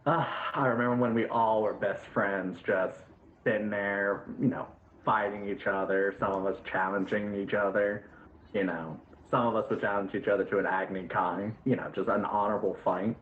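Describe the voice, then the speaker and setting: A man playing a gracious, unhurried warlord king. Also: on the low side, steady tone, slight background noise, lightly acted. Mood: nostalgic. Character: calm, courteous male warlord king of earth. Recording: echoey, phone-like sound.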